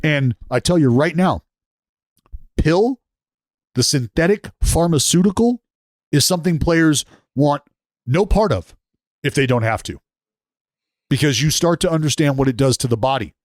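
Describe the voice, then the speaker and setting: A man's voice: fairly high pitch, lively intonation, moderate pace, pauses often, no echo, clean studio sound. Blunt, profane man in his thirties. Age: 30s. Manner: blunt, profane, emphatic storytelling. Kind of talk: casual podcast chat.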